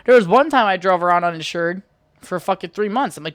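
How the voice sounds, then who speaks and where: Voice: mid-range voice, animated, fairly quick, a bit bright, no room sound. A podcast host from the United States ranting heatedly and profanely in a solo monologue.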